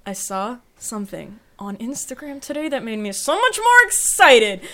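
A young woman co-hosting a casual chat show, gushing excitedly and swearing casually. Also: a little high, normal speed. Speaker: podcast co-host.

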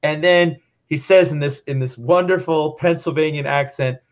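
A young man who teaches, hosting a casual podcast and telling a story with animated, playful reenactments of his own thoughts. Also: fairly high pitch, moderate pace. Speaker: podcast host. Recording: slightly dull lo-fi sound.

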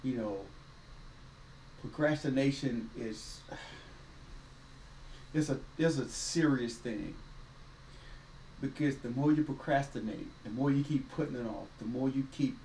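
A man with a medium-pitched, slightly mellow voice co-hosts a casual faith-based podcast, talking slowly and pausing often. He sounds folksy and preachy, using quoted voices, and the audio is roomy and distant with faint ambience and slight background noise.

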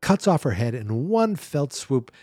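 A man's voice: mid-range voice, sing-song, a little slow, darkish tone, dry recording, studio quality, faint music behind. A man hosting a podcast, giving a sarcastic, exasperated running recap of a horror film and briefly mimicking its characters. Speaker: podcast host. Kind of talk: casual movie recap.

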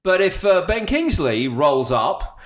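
Man, podcast co-host, casual comedic chat, rambling, slightly high voice. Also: slow pace. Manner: rambling, animated, puts on voices for jokes.

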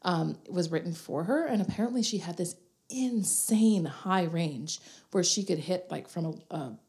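A woman's voice: lowish voice, animated, moderate pace, darkish tone. A young adult woman co-hosting a casual podcast, chatty and giggly with lots of fillers. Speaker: podcast co-host. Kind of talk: casual chat.

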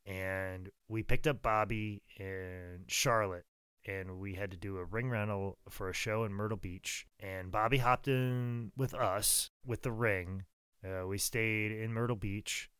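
A man in his thirties tells wrestling road stories in a loose, rambling way, cursing freely. His voice sits a little low and sounds smooth. The sound is dry and close. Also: unhurried, no room sound. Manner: rambling, profane, animated. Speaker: pro wrestler telling stories. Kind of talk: casual storytelling.

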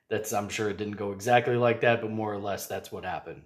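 A man's voice: fairly low pitch, steady tone, moderate pace. A man hosting a podcast, talking in a rambling, jokey and earnest way. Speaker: podcast host. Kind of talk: casual monologue.

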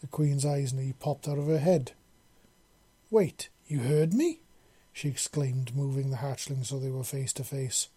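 A man narrating a story in a steady reading voice. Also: mid-range voice, normal speed, few pauses, breathy edge.

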